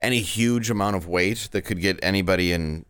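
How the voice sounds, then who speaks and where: A man's voice: sits low, fairly quick, fairly bright tone, clean tone, no echo, studio quality. A man in his thirties, a stand-up comedian, telling candid, rambling stories in a casual interview.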